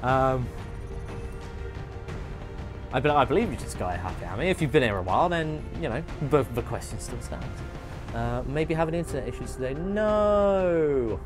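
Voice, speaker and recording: An English man hosting a gameplay livestream, chatty and excitable, joking with his chat. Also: medium pitch, brisk, long pauses, over music. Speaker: livestream host.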